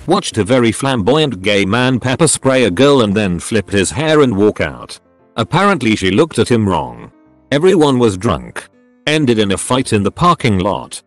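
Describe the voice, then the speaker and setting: A man with a fairly low voice reads stories aloud in a plain storytelling way, his pitch moving a lot. The recording is close and dry. Faint music plays underneath. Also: big pitch swings, normal speed, no room sound. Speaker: narrator. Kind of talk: reading online stories aloud.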